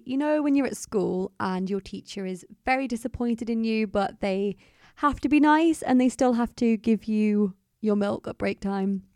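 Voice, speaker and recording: A woman game master narrating a tabletop game, sounding dry and exasperated with her players. Her voice is slightly high with a creaky, gravelly texture. She turns descriptive when setting a scene. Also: no echo.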